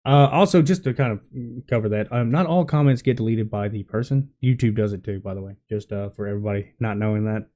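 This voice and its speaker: Blunt, scornful low-voiced man. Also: fast talker, few pauses, mellow. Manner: blunt, scornful, swears casually. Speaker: reaction commentator. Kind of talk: casual commentary reacting to a clip.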